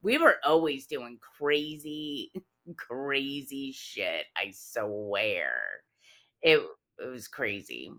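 This podcast co-host has a bass voice and draws out her words. She's an animated storyteller in casual conversation, frequently laughing partway through her sentences.

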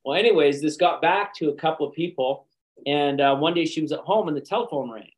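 A man, an actor and speaker, telling lively anecdotes in a podcast interview with frequent chuckles. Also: fairly high pitch, fairly quick, low-quality recording. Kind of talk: conversational storytelling.

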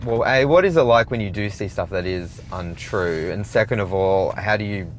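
Low-voiced male interviewer. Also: moderate pace, a little hiss or hum. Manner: relaxed, prompting questions. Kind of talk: casual interview. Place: inside a parked car.

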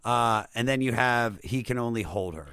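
A man hosting a podcast in relaxed, casual chat, walking through album tracks. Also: medium pitch, moderate pace, clear, resonant tone. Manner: relaxed, conversational, laughs often. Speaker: podcast host.

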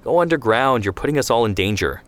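A man's voice: medium pitch, expressive, fast, voice pushed up, natural voice. A man voicing a blunt, scornful young woman. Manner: blunt, mocking.

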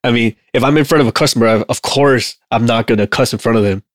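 A man's voice: medium pitch, quick pace, dry recording. Guy on a podcast rambling along, mid voice, dead dry mic. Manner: rambling, loose, filler-heavy. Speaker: podcast co-host. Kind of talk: casual chat.

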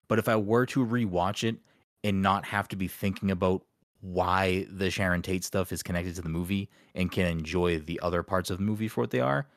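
Low voiced man, hesitant chatty host, swearing a lot, dry close sound. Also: no echo. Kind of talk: casual chat.

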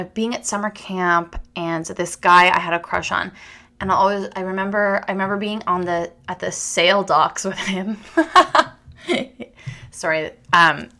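A young adult woman hosting a podcast, talking in a chatty, rambling, self-deprecating way with restarts and quick laughs. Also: lowish voice, gravelly, pushed and bright. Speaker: podcast host. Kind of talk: casual chat monologue.

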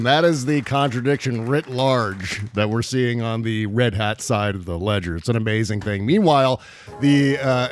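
A man co-hosting a casual political podcast, talking in a wry, profane way with many fillers. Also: mid-range voice. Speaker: podcast co-host.

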